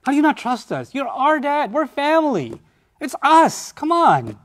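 Grown sons pleading with their father, wheedling and insistent, as a man puts them on. Their voices leap up much higher than his usual talk. They keep pressing for their father's trust. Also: huge pitch swings, normal speed, heavily acted.

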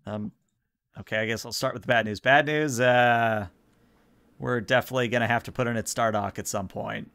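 A man's voice: medium pitch, steady tone, a little fast, creaky, fairly bright tone, dry recording, studio quality. A man voicing a cheeky male starship engineering lieutenant who reports with offhand jokes. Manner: joking, offhand.

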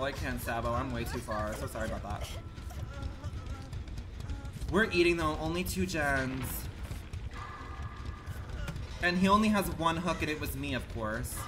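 Animated, slangy male game streamer. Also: medium pitch, moderate pace, long pauses, background noise. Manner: animated, exclamatory, slangy and profane. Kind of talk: live gaming commentary.

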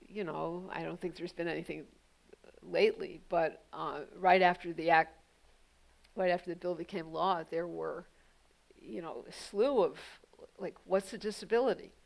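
Gravelly low-voiced woman speaker. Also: fairly even intonation, moderate pace, low-quality recording. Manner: thoughtful, pointed, frequent "you know" fillers. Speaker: guest speaker, legal journalist. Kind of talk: public onstage conversation answering audience questions.

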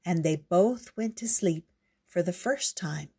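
Slow, husky woman reading a story. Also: on the low side, lively intonation, dark tone. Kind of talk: reading a picture book aloud.

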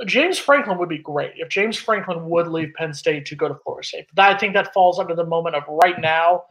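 Brash, high-voiced sports show host. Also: male voice, brisk, a bit bright, low-quality recording. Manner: brash, teasing, bossy. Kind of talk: casual sports talk show.

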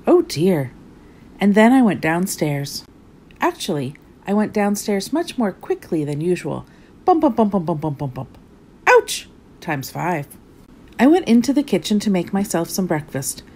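A woman reading a storybook as a clumsy, cheerful male character, telling his own tale of mishaps in a lively, rueful way. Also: mid-range voice, a little hiss or hum, natural voice.

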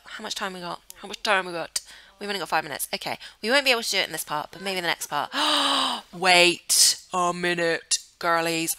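A woman's voice: medium pitch, pushed and bright, low-quality recording. A woman chatting casually over a life-simulation game, cooing affectionately at her characters. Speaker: gaming channel host. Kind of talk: casual gameplay commentary.

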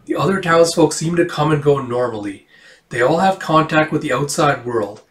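A man's voice: a little high, moderate pace, natural voice. A man voicing a fussy, curmudgeonly old male robot who speaks stiffly and precisely. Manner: formal, precise wording. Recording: roomy echo, distant from the mic.

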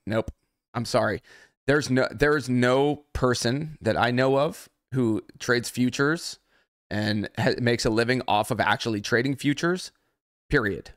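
On a livestream, a male trading mentor rants angrily, swearing heavily throughout. His mid-range voice is a bit bright and a little slow, captured as a dry, clean studio recording.

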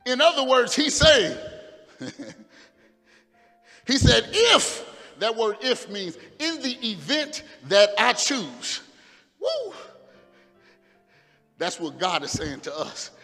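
A male pastor preaching a fervent sermon, dropping to quiet asides and rising to shouts. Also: high-pitched, sing-song, takes it slowly, pauses often, long reverb tail, soft background music. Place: church sanctuary.

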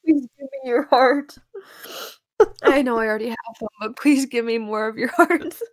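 A woman's voice: fairly high pitch, normal speed, no echo, clean studio sound. A woman from Canada on a livestream, giggling and tearful as she reads chat messages aloud. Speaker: streaming guest.

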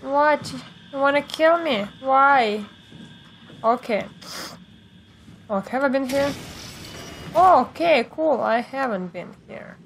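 A woman with a fairly high voice, talking slowly through a horror game. She mutters to herself, gets jumpy and swears at the game now and then. A faint hum of ambience sits under her voice. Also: animated, gravelly. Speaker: gameplay streamer. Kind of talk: let's play commentary.

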